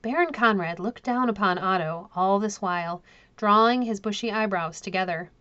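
A woman narrating a classic children's novel in a calm, measured reading. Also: mid-range voice, highs cut off. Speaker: audiobook narrator. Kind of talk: storybook narration.

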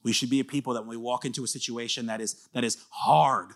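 A male pastor with a mid-range voice and fairly even intonation preaches at a quick pace. The sermon is earnest and conversational, alternating emphatic bursts with soft asides in confidence.

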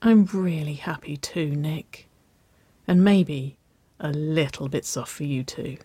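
A narrator voicing a playful, giggly young woman in love, who squeals high and breathless when teasing. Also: takes it slowly, dark tone, husky, no echo. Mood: tender.

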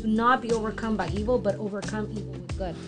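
A young woman in a casual faith chat, reading Bible verses and then talking in relaxed slang. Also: mid-range voice, fast, over music. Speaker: co-host of a faith discussion.

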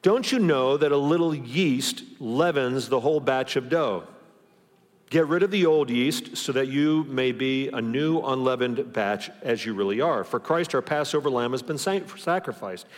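A man's voice: medium pitch, moderate pace. A pastor giving a conversational sermon, often restarting his phrases as he works through the passage. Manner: conversational preaching with frequent restarts. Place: church auditorium. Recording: long church hall reverb.

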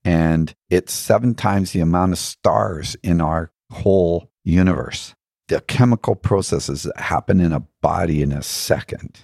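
A man with a very deep voice and a husky, grainy edge talks in a reflective, earnest way. He keeps stopping to ask himself questions. The sound is close and dry. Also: measured pace, darkish tone, dry recording. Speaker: interview guest. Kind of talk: reflective spiritual storytelling.

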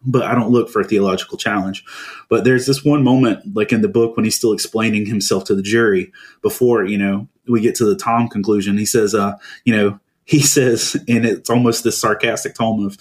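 A man co-hosting a casual podcast chat, animated and jokey, reading quoted lines aloud with feeling. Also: lowish voice, fairly quick. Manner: jokey, laughs while talking. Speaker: podcast co-host.

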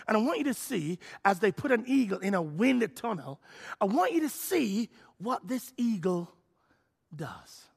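A man preaching a sermon as pastor, animated and full of repeated phrases. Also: sits high, measured pace, gravelly, slightly rough.

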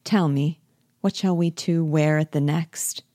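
A woman's voice: low voice, fairly even intonation, a little slow, dark tone, no echo, clean studio sound. Nora read by a woman, nervous young wife. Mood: playful.

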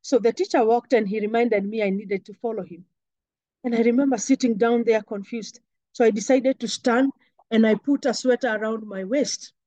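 A woman's voice: a little high, normal speed, mellow, no echo, muffled recording. A young woman earnestly recounting a painful personal memory in an interview. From Kenya. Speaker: interview guest. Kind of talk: personal storytelling.

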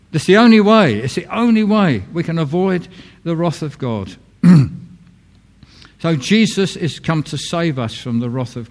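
A man preaching a sermon in an earnest, plain-spoken way, repeating key phrases and dropping his voice low for emphasis, with casual asides to the congregation. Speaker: pastor.

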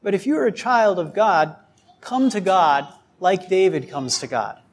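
A man preaching a sermon, speaking deliberately with frequent rhetorical questions and acted-out quotes. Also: high-pitched, sing-song.

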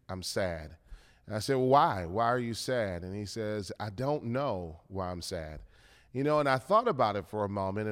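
Upbeat pastor in a reverberant room. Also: male voice, lowish voice. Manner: upbeat, expressive, varied delivery. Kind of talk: welcoming church video talk.

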